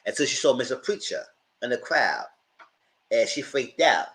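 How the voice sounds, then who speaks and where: Man, mid-pitched voice, live TV recap host, animated storytelling, slangy, swears freely. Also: normal speed. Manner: animated retelling, slipping into voices for quoted characters. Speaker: TV review channel host.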